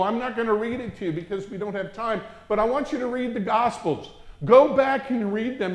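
A man delivering a sermon, his somewhat high voice rising to loud, urgent exhortation and then dropping to a hushed, reverent murmur. The room gives his voice a noticeable echo. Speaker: preacher.

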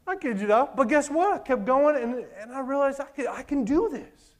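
Animated young man preaching. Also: very high voice, normal speed. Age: 20s. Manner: animated storytelling, acts out his own past voice. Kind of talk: sermon.

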